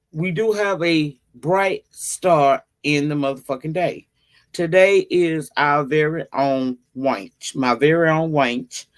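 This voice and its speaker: A woman hosts a casual livestream, greeting her viewers one by one. She talks very slowly, stretching her words out in a loose, profane chat with her audience. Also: low voice, fairly bright tone. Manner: slow, drawn-out delivery. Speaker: livestream host.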